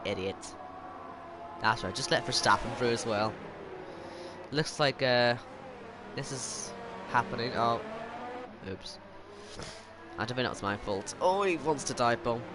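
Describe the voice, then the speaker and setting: A man's voice: medium pitch, expressive, a little slow, long pauses. A man commentating live on his own online racing game, self-mocking and exasperated as things go wrong around him. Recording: game engine noise behind. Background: racing car engine noise.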